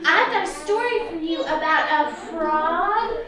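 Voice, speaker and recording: A woman's voice: extremely high pitch, a little slow, pushed and bright. A woman librarian reading a picture book to young children in a coaxing, sing-song, teacherly way. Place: library program room. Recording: echoey room, from far off, children around.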